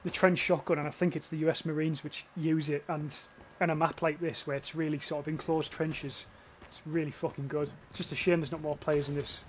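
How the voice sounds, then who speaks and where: A man's voice: on the high side, flat delivery, fairly quick, hardly any pauses, a little hiss or hum. A young man with a northeast English accent, streaming gameplay live and chatting casually with his viewers, often swearing and restarting his phrases. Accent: northeast English, near North Yorkshire. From northeast England. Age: young adult. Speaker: gaming livestreamer.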